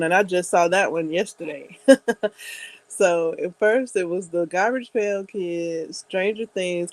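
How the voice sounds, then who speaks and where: A woman's voice: on the low side, dry recording, poor audio. A woman vlogger in casual chat, rambling and giggling, with many hesitant fillers.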